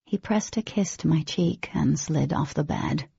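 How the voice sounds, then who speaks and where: Woman narrator, husky and creaky, low voice, dry dull recording. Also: unhurried, warm tone, no room sound. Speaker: audiobook narrator. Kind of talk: scripted first-person narration.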